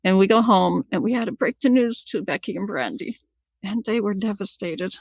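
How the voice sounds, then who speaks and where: A woman guest recounting something that happened to her, talking in a gravelly, creaky voice. She often restarts and repeats words mid-thought. The sound is close and dry. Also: mid-range voice, moderate pace, darkish tone, no echo. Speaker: podcast guest telling her story. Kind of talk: personal storytelling.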